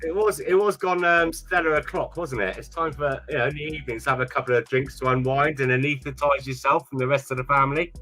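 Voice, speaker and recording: Bright-voiced man hosting a stream. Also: medium pitch, fast talker, few pauses, soft background music. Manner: chatty, teasing, laughs often. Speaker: live stream host. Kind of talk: casual live stream chat.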